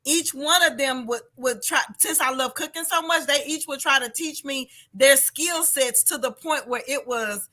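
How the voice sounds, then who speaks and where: A woman chef telling stories from her childhood in a lively, casual chat, laughing often and acting out the people in them. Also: sits high, moderate pace, hardly any pauses. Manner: animated storyteller, laughs often, acts out voices. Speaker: guest chef. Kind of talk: casual storytelling interview.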